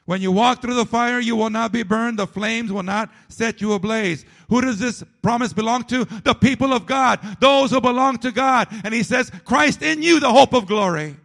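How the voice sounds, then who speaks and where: A man preaching a sermon, emphatic and repetitive, dropping to a low, quiet delivery at times. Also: moderate pace, creaky, few pauses.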